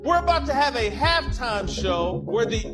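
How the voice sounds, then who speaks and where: A man's voice: very high voice, very animated, moderate pace, over loud music. A man giving opinion commentary in an outraged, preachy way.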